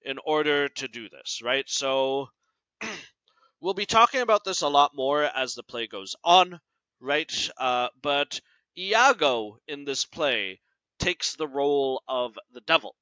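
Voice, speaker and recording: A male teacher giving a recorded class lecture, explaining slowly and ending nearly every point with "right?". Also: mid-range voice, animated, sharp tone, clear, resonant tone, no echo. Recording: dull lo-fi sound.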